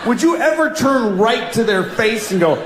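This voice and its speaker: A man delivers a stand-up set in a large, echoing hall, and audience laughter rises behind him. His fairly high voice swings widely, from a low, exasperated mutter up to yelled punchlines. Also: animated, normal speed, crowd noise, noisy background. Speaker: stand-up comedian. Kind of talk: stand-up comedy routine.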